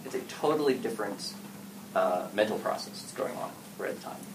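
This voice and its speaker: Animated man speaking from a distance. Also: on the low side, fairly quick. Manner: animated, acts out quoted players and game masters. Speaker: panel speaker on story games. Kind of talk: casual talk to an audience. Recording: distant mic with clear background noise.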